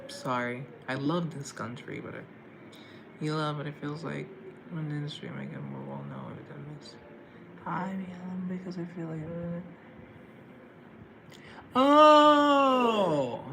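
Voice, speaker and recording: A man's voice: fairly high pitch, noisy background. A man from Colombia chatting casually on a live stream, answering viewers' comments in a chatty, theatrical way.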